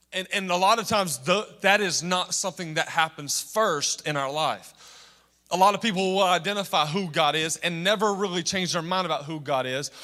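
A man in his thirties preaching as a pastor, earnest, with slow, stressed phrases and frequent restarts. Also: a little high, sharp tone, in a large hall. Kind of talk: sermon.

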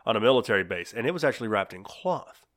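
A man's voice: lowish voice, expressive, fast talker, fairly bright tone. A man co-hosting a casual podcast, laughing often as he tells odd trivia. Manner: laughs often, giggly storytelling of odd facts. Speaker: podcast co-host.

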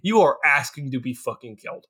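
A young man co-hosting a casual movie review podcast, talking in an animated, profane way with lots of restarts and playful quoted voices. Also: medium pitch, fairly quick, breathy edge. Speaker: podcast co-host.

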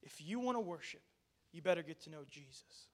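Male pastor with a high voice, animated sermon that drops into casual asides with the church. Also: fairly quick. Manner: animated, addresses the congregation directly; conversational asides with restarts.

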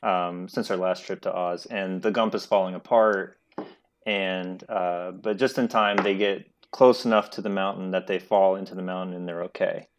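Low-voiced man recapping a plot. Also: steady tone, moderate pace, highs cut off. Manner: rambling plot recap, casual swearing. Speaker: podcast co-host. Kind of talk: casual chat.

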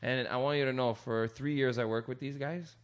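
A young man in casual chat, telling rowdy stories and swearing a lot, acting out loud quoted voices. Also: medium pitch, steady tone, brisk, smooth.

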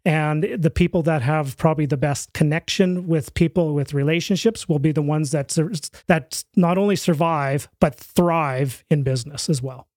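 A man's voice: fairly high pitch, moderate pace, hardly any pauses, dry recording. A man telling a story as a podcast guest in a casual interview, acting out the voices in it. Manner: animated storyteller, acts out quoted voices.

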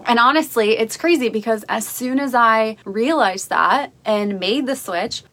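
Faint music plays behind a young woman hosting a motivational podcast on a livestream video recording, captured as Facebook Live audio. Her pitch sits fairly high and her tone is fairly bright, and she keeps a measured pace while telling encouraging stories.

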